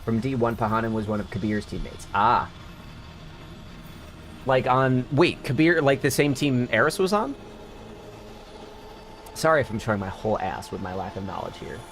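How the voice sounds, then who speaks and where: A man's voice: mid-range voice, lively intonation, normal speed, long pauses, a bit bright, faint music behind. A man streaming a video game, chatting casually and swearing freely with friends and viewers. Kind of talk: casual live-stream chat while gaming.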